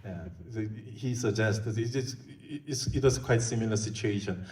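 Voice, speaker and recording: A middle-aged man with a Korean accent answering questions at a film Q&A, switching between Korean and English, with laughs and halting restarts. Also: fairly low pitch, a little mellow, slight background noise. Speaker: film director. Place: large theater hall. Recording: echoey hall, from far off.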